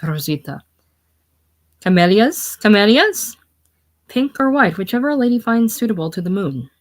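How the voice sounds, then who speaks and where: A woman voicing a pushy young female flower seller, with loud, wheedling street cries. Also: medium pitch, sing-song, normal speed, pitched above the performer's own voice, lightly acted. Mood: hawking.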